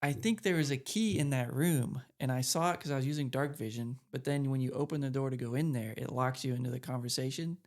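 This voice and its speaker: A man's voice: medium pitch, quick pace, few pauses, darkish tone. A man co-hosting a podcast, rambling loosely and conversationally through a recap of a video game. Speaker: podcast co-host.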